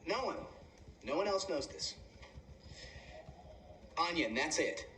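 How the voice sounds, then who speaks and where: A man's voice: a little high, big pitch swings, slow, bright, forceful tone, exaggerated voice. An actor playing an easygoing young male friend who answers in an offhand, matter-of-fact way, in a TV drama. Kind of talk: TV drama acting. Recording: distant TV clip with background noise.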